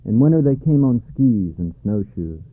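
A man's voice: mid-range voice, sing-song, moderate pace, dry recording. Man reading a storybook, thin dry sound. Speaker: narrator. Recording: dry tinny narrow-band sound.

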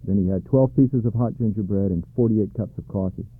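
Male storybook narrator, calm and measured, lowish voice, dry thin phone-like sound. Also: no room sound. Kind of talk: storybook reading. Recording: dry tinny narrow-band sound.

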